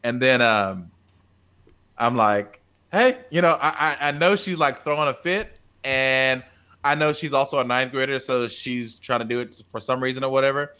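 This man, a teacher and podcast co-host, has a clear, resonant voice at medium pitch and a moderate pace. Chatting casually, he recounts a classroom story and animatedly acts out quotes with a raised voice.

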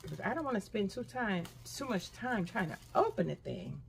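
A woman's voice: medium pitch, sing-song, normal speed, creaky, a little hiss or hum. An older woman casually chatting to her viewers about her shopping haul, talking straight to them and squealing with delight. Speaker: haul vlogger.

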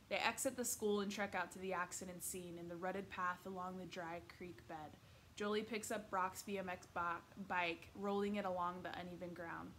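A woman reading a children's novel aloud in steady, expressive storytelling narration. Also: on the low side, normal speed, slight background noise. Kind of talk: read-aloud book narration.

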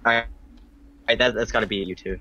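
Man, deeper voice, self-mocking gamer, dull lo-fi mic. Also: fairly even intonation, bright, forceful tone, slight background noise. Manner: rambling, self-mocking, halting restarts. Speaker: game player. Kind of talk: casual voice chat while gaming. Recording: muffled low-fi voice chat mic.

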